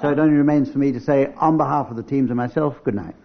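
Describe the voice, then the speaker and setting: A man's voice: medium pitch, quick pace. A man hosting a radio comedy panel game as chairman, with a wry, dry delivery. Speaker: quiz chairman. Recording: lo-fi radio recording with hiss.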